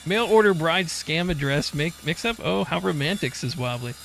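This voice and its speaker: A man's voice: a little high, expressive, moderate pace, creaky, a bit bright, slight background noise. A man streaming a co-op survival game, joking crudely with his partner and reading viewer chat aloud. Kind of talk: casual co-op gameplay chat.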